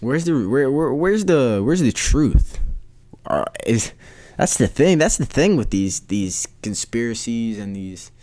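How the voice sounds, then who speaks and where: A man's voice: medium pitch, sing-song, measured pace, a little mellow. Rambling incredulous male podcaster. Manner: rambling, repeats phrases, incredulous. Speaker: podcast host. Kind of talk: casual solo podcast rant.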